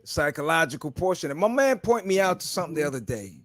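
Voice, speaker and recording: A man co-hosting a barbershop podcast, telling animated stories in casual chat. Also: a little high, quick pace, dry recording, studio quality. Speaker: podcast co-host.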